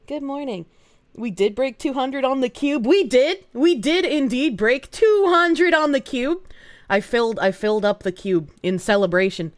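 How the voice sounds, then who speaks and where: A young woman streamer chats loosely with her viewers, swearing and laughing as she goes. Her voice sits high and swings widely in pitch. She is recorded close and dry, with a slightly thick sound from her sore tongue. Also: expressive, moderate pace, dry recording. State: talking around a sore swollen tongue. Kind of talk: casual live-stream chat.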